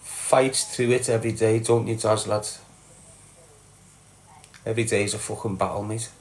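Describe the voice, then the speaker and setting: A man's voice: fairly low pitch, fairly even intonation, normal speed. A Scouse man from Liverpool, middle-aged, reading his chat live and answering viewers bluntly, calling everyone lad and mate.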